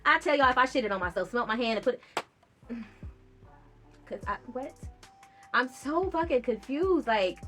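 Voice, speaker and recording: A woman with a fairly high voice tells a storytime vlog straight to her viewers. She is blunt and profane, with an animated, indignant edge. Faint music plays behind her. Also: normal speed, pauses often. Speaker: YouTube vlogger.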